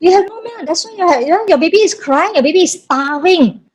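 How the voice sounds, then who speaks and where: A woman's voice: very high-pitched, animated, fast, slight background noise, voice pushed up. A woman voicing a blunt, bossy female hospital nurse with a Malaysian English accent, scolding and repeating herself. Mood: lecturing.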